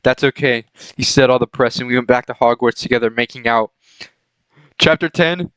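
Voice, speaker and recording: A young man reads a fan fiction aloud for laughs, giggling, tripping over words and pausing to comment. His voice is smooth and clear. The sound is dry and close. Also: medium pitch, fairly bright tone, no echo, poor audio. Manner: giggly, keeps breaking into laughter; stumbles and corrects his reading. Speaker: channel host reading fan fiction. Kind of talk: comedic reading aloud with commentary.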